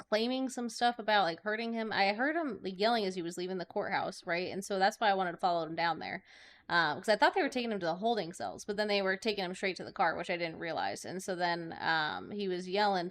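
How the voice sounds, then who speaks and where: A woman's voice: on the low side, animated, fairly quick, fairly bright tone. A woman playing a judge in a role-play stream, talking in a rambling way with many fillers and restarts. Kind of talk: in-character role-play chat.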